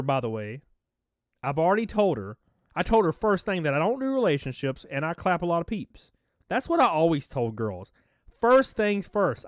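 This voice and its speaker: A young man spins a crude, cocky dating story straight to camera, heavy with fillers and asides. His voice sits high for a man and leaps around animatedly. The sound is dry and close, with no room around it. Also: dry recording. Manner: brash, crude and dismissive, lots of filler. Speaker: vlogger.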